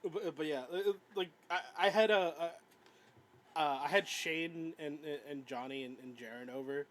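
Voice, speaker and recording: Man, fairly high voice, casual podcast chat, stammers, rambling, giggly. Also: unhurried, rough recording. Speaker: podcast co-host.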